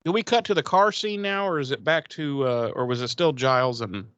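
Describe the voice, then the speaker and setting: A man's voice: medium pitch, brisk, fairly bright tone, clear, resonant tone, no room sound, dull audio. A man casually recapping a TV episode on a podcast, rambling, swearing and acting out the characters' lines. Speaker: podcast co-host.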